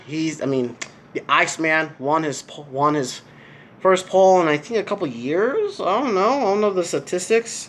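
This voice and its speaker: A man's voice: high-pitched, a bit bright. A young American man giving a casual, rambling race review, full of fillers and restarts, in a room at home. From United States. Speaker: vlogger. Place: indoor room with a TV.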